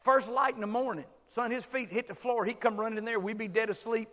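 An older man preaching a sermon with passion, swinging from hushed words to shouts. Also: very high-pitched, fairly even intonation, a little fast, long reverb tail.

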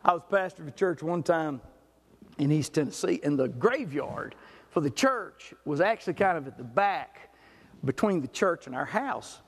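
A middle-aged man preaching a sermon, a folksy storyteller who swings between loud, animated stretches and quiet ones. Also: on the high side, normal speed, slightly rough. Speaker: pastor. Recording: long hall reverb.

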